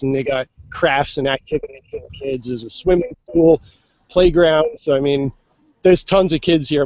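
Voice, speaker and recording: A man with a fairly high voice chats easily while walking around an outdoor festival, dropping "uh" and "um" often. The sound is dull and lo-fi, close and dry. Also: a little mellow, dry recording. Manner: easygoing, chatty, many fillers. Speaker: on-site reporter calling into a live show. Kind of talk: casual live walk-around report.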